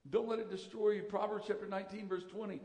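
A man delivers a sermon in a fairly high voice, pressing his points and repeating key lines for emphasis. His voice rings through a hall with a long reverb tail. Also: level tone, fast talker, dark tone. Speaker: pastor.

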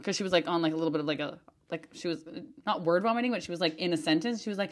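A woman hosting a monologue podcast who talks in a chatty, animated way, with lots of fillers, restarts and emphatic swearing. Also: fairly low pitch, racing. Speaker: podcast host and business advisor.

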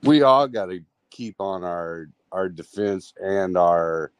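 A man's voice: sits low, expressive, slow, clear, resonant tone, no echo. A man co-hosting a casual call-in talk show, rambling in a laid-back way and laughing along with his partner.

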